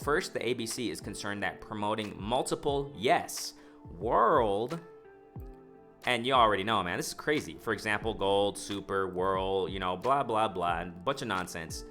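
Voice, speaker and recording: A man hosting a casual boxing commentary vlog, reading a news story aloud and reacting with excitement, heavy on slang and fillers. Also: fairly low pitch. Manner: excited, animated, talks to the viewers as "ladies and gentlemen"; slangy, full of fillers like "you know" and "man".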